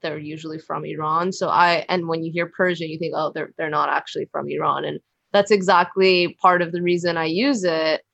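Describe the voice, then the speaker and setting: A woman chatting casually as a podcast guest, telling stories in an animated, talkative way. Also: deep voice, a little fast, gravelly, no echo, highs cut off. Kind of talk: casual chat.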